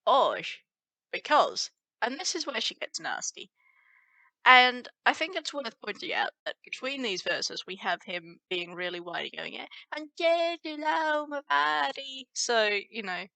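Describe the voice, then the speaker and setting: A woman teaching a folk song line by line, explaining each word slowly and singing the verses. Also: medium pitch, sharp tone, no room sound. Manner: slow, explains word by word, sings lines. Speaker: language teacher.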